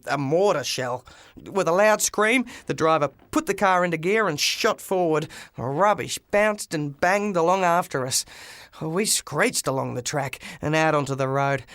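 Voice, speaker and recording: A man narrating a first-person audiobook with lively storytelling and shouted dialogue. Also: on the high side, no echo, studio quality.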